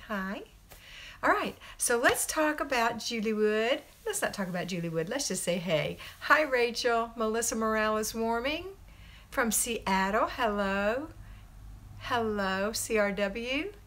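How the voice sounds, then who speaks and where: A woman's voice: mid-range voice, fairly bright tone. Chatty woman hosting a home livestream. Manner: chatty and upbeat, reads out viewer names. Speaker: homemaking coach and livestream host. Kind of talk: casual live-stream chat, greeting viewers then giving advice.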